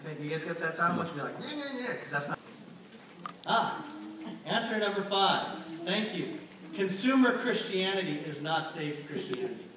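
A middle-aged man's fairly high voice rings out animatedly at a moderate pace as he preaches conversationally, seeking responses from the congregation. The recording is distant and echoey, made in a church hall with background noise.

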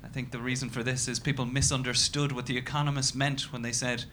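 A man in his thirties with an Irish accent, doing a stand-up comedy set in a dry, self-deprecating way with bursts of loud ranting. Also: mid-range voice, little pitch movement, fast talker. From Ireland. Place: comedy club stage. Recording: noisy live club recording.

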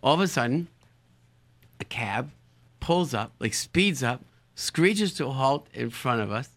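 A man's voice: mid-range voice, expressive, measured pace, a bit bright, no echo. A man telling casual anecdotes animatedly, often repeating words as he finds his phrasing. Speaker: storyteller, show guest.

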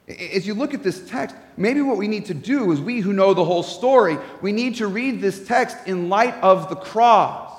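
A man preaching a sermon as pastor, earnest, often restarting his words and dropping into soft asides. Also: sits high, echoey room, in a large hall.

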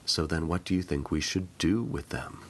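A man voicing a calm female police officer who speaks quietly and gently. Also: very deep voice, moderate pace.

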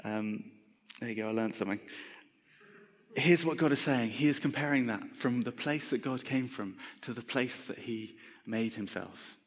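A man preaching a sermon in a chatty, self-mocking tone, his voice sitting at an ordinary middle pitch. The long reverb of a large hall trails after his words. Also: normal speed. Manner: conversational, self-deprecating humour.

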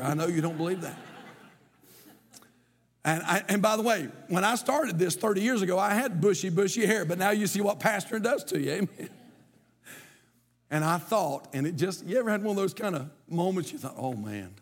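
A man's voice: high-pitched, fairly quick. A middle-aged man, preaching a sermon as pastor, moving from folksy storytelling to emphatic preaching. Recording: long hall reverb.

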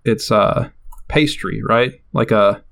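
A man's voice: on the low side, slow, vocal fry, a bit bright. Hesitant man casually co-hosting a podcast. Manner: hesitant, many likes and ums. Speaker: podcast co-host.

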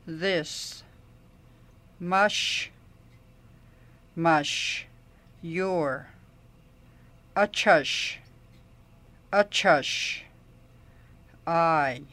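A man teaching words slowly by repeating each one, then singing a lullaby. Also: on the high side, dry recording. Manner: slow repeated words, then sings gently. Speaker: language teacher. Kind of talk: vocabulary drill and sung lullaby.

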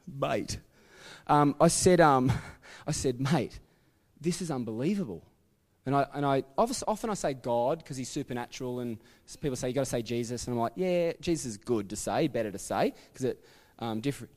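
A man's voice: mid-range voice, in a large hall. A man with an Australian accent preaching a sermon as a church pastor, telling stories in a chatty way full of asides and self-corrections. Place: church sanctuary.

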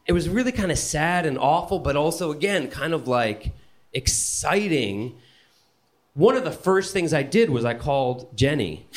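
A man telling a personal story on stage at a live event, animated and profane, often laughing as he talks. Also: medium pitch, a little hiss or hum.

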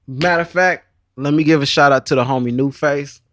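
Laughing man co-host, slightly higher voice. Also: fairly quick, fairly bright tone, dry recording, clean studio sound. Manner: laughs a lot, loose storytelling. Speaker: podcast co-host. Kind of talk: casual chat.

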